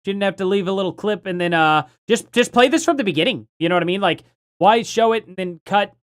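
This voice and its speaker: A man hosts a live reaction stream, musing aloud in a halting way full of fillers. His voice sits slightly high for a man. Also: clean tone. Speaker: livestream host.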